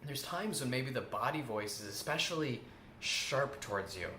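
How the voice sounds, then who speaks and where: A man with a bright, forceful voice gives an earnest self-help lesson. He repeats his key points for emphasis. The room sounds echoey, with a faint hum of ambient noise behind him. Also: mid-range voice, expressive, moderate pace. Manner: earnest, repeats key phrases, acts out quoted self-talk. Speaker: host. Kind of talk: self-help coaching talk.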